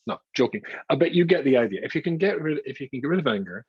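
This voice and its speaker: An older rabbi with a husky voice teaches in a chatty, wry way, full of self-mocking asides. His pitch moves about a lot as he tells his stories. The recording sounds dull and dry, with no room echo. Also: animated, fast talker, few pauses, a little mellow. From Scotland. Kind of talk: informal Torah lecture.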